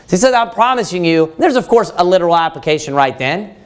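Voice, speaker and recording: Male preacher, slightly high voice, lively pitch, Bible study sermon, rhetorical questions. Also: fast talker, smooth. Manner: animated, quotes scripture, asks the room questions.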